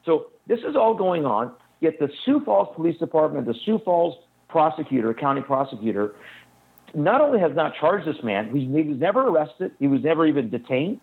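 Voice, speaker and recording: A man telling a detailed story in a fast, urgent way as a guest in an interview. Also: fairly high pitch, very animated, creaky, slightly rough. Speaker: guest recounting an incident. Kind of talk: phone-in interview account. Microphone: telephone. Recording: tinny phone line.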